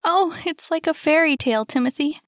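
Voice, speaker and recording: A woman voicing an eager young woman who is dreamy and easily enchanted, speaking high and breathless. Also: animated, unhurried, dry recording, studio quality. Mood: excited. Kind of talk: audiobook character reading.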